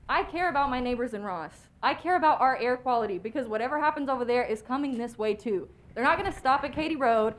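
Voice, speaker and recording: A young woman giving an impassioned, plainspoken public comment at a city council meeting. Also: fairly high pitch. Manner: impassioned, plainspoken, grows worked up. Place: council chamber.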